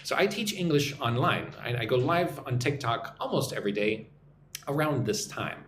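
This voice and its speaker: A man's voice: medium pitch, expressive, normal speed, fairly bright tone. An American man teaching English on a live stream, chatting and reading viewer comments aloud. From United States. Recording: echoey room with faint background noise.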